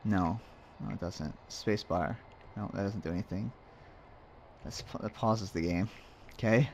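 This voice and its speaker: Low-voiced man rambling over a game. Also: unhurried, darkish tone, slight background noise. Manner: rambling, muttering to himself, joking. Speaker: let's play host. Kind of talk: casual gameplay commentary.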